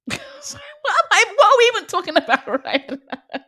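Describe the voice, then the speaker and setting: A woman's voice: very high-pitched, big pitch swings, moderate pace, pushed and bright. Playful teasing woman co-host. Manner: playful, teasing, laughs often. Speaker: radio show co-host. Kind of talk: casual banter.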